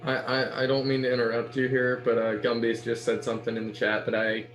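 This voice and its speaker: A man's voice: medium pitch, monotone, a little fast. A man playing a tabletop game on stream, starting his turns with hesitant stammers. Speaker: player. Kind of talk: casual game table chat.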